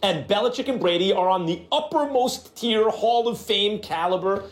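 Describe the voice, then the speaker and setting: A man's voice: high voice, lively intonation, moderate pace, reverberant. A man on a sports debate panel, making his case in an assertive, argumentative way.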